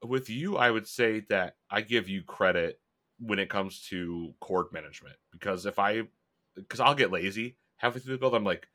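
A man's voice: lowish voice, moderate pace, bright, forceful tone. A man co-hosting a casual chat, telling rambling, profane stories.

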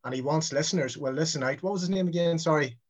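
A man's voice: on the high side, quick pace, muffled recording. A man in his thirties trading boastful, mocking trash talk on a podcast. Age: 30s. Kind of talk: casual chat.

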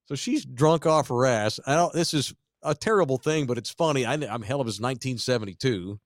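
A man's voice: medium pitch, animated, fairly quick, no echo, studio quality. A man, a podcast host telling profane family stories in casual chat. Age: 40s. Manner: profane, rambling storyteller, laughs at dark jokes.

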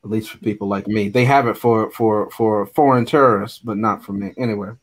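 A man's voice: lowish voice, fairly even intonation, brisk. A man co-hosting a podcast, chatting casually about a movie with wry, joking asides. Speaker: podcast co-host.

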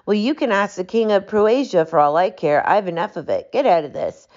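A woman's voice: medium pitch, lively intonation, a little fast, close to an everyday voice. A woman doing a furious, blustering market salesman. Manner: shouting and brusque. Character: angry, blustering male market poultry salesman. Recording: dull lo-fi audiobook recording.

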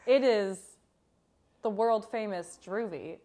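A woman's voice: medium pitch, slow, background noise. A young woman in her twenties co-hosting a casual podcast, playful and giggly. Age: 20s. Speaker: podcast co-host. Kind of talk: casual chat.

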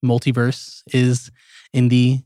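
A man's voice: mid-range voice, completely flat delivery, takes it slowly, mellow, clean tone, no echo, clean studio sound. A young man hosting a casual movie podcast, talking in a hyped, slangy, bantering way. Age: young adult. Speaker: podcast host.

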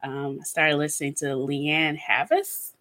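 A woman's voice: deep voice, level tone, a little slow, pushed and bright. A woman hosting a casual chat podcast, chatty and self-mocking, often breaking into laughter. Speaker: podcast host.

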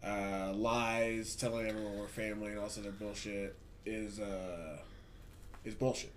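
In a fairly low voice at normal speed, a Hollywood podcast host chats casually and tells work stories in a profane, ranting, animated way. A little hiss or hum sits under the recording.

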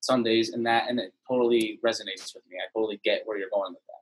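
Podcast guest, thirties man, quick and husky, laid-back rambler. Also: fairly low pitch, steady tone, low-quality recording. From South Florida. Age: 30s. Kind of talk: casual chat.

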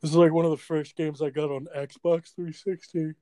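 A man's voice: a little high, flat delivery, moderate pace, dark tone, no echo. A man in his twenties co-hosting a podcast, bantering casually and laughing mid-sentence as he riffs. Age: 20s. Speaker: podcast co-host.

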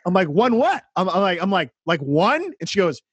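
A man on a podcast with a high, light voice, recorded dry and close. He tells his story with lots of excitement and acts out what everyone said. The talk is loose and casual, full of "dude" and "like.". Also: fairly quick, husky, no echo. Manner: excited, animated storyteller acting out dialogue. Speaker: podcast co-host, counselor.

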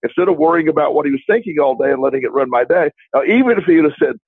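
A man's voice: fairly high pitch, animated, racing, slightly rough, no echo. A man co-hosting a talk show, telling a long story in a casual, rambling way, with many restarts and quoted dialogue. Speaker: podcast co-host. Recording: dry, tinny phone-like line.

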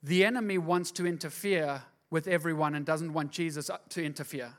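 A middle-aged pastor with a high voice preaches a sermon. He tells the story in a plain, conversational way, then builds to loud, fervent exhortation. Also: steady tone, a little fast.

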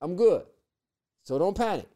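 A man voicing Jesus as a calm, easygoing man who keeps soothing frightened friends with short repeated reassurances. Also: high voice, measured pace. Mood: reassuring.

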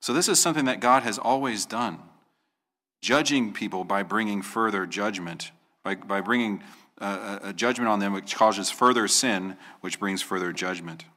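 Male pastor, sermon delivery, bright and forceful, earnest with emphatic rhetorical questions. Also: lowish voice, normal speed.

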